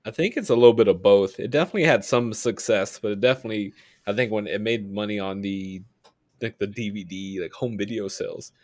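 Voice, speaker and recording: A man's voice: on the low side, fairly quick, darkish tone, no room sound, clean studio sound. A young man co-hosting a podcast in casual, rambling, slangy chat, often breaking into laughter. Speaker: podcast co-host.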